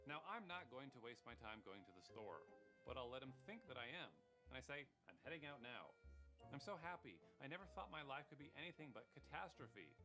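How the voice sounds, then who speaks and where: A man's voice: mid-range voice, very animated, fairly quick. A man narrating a comic story in a dry, wisecracking way. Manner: dry, wisecracking, plays dumb. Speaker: channel host and narrator. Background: background music.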